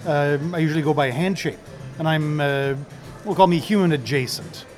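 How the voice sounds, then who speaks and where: A father introduces himself at a restaurant dinner table in an easygoing, wordy, measured way. His voice is a touch high, and music plays clearly in the background. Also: darkish tone. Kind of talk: casual self-introduction.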